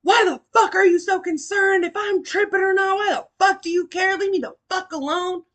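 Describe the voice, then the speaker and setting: Furious shouting young man, hostile and loud, played by a woman voicing him in her story. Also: extremely high pitch, fairly even intonation, normal speed, voice pushed up. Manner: yelling, hostile.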